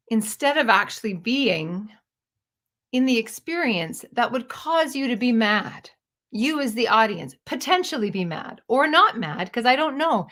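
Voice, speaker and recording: A woman's voice: medium pitch, lively intonation, takes it slowly, sharp tone. A woman talks through a personal monologue with an earnest, searching tone. She questions herself as she goes, the way a stage storyteller would, and her voice sits in a middle register for a woman. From Canada. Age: 50s.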